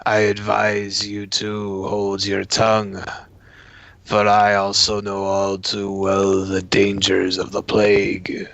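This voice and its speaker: A man's voice: on the low side, completely flat delivery, slow pace, creaky, fairly bright tone, no room sound, muffled recording, exaggerated voice. A man voicing a proud male dwarf who speaks formally and stiffly. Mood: stern.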